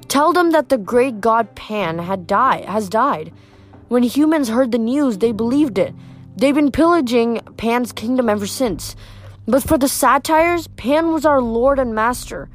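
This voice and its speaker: A woman voicing an earnest, wistful young male satyr in a read-aloud novel. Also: fairly high pitch. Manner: earnest, indignant about pollution.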